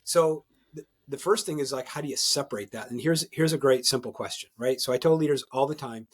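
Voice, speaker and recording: A man talking as a guest coach in a podcast interview, energetic and emphatic, often tagging his points with "right?" and restarting words as he gets going. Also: mid-range voice, brisk, husky. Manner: repeats and restarts words when excited.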